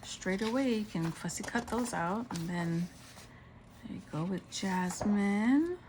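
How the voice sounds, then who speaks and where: Slow-talking, gushing woman crafter. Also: mid-range voice, noisy background. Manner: gushing, excited, exclaiming over each item. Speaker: craft vlogger. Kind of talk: casual show-and-tell narration.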